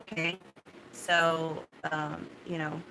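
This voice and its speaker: A woman telling viewers about a frightening experience in a halting, repetitive way, with many restarts and blunt swearing. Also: low-pitched, level tone, over music. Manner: shaken but steadying, talking straight to viewers. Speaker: vlogger recounting a personal ordeal. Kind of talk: casual spoken personal story.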